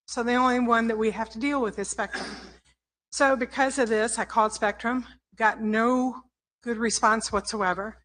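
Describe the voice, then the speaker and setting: An older woman giving an emotional public comment at a city council meeting, halting and apologetic as she speaks. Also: on the high side, steady tone, fairly bright tone, rough recording. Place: council chamber. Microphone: podium microphone.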